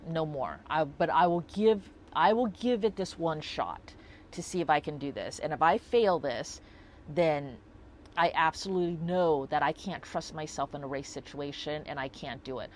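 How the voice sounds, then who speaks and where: A woman's voice: low-pitched, slight background noise. A woman talking through a personal story in a casual vlog, reflective and rambling with lots of fillers. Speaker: vlogger.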